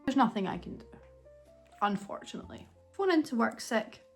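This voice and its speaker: A woman's voice: fairly high pitch, sing-song, normal speed, gravelly, faint music behind. A young woman chatting casually at home for her vlog, rambling and self-mocking as she laughs her way through a story. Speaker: vlogger.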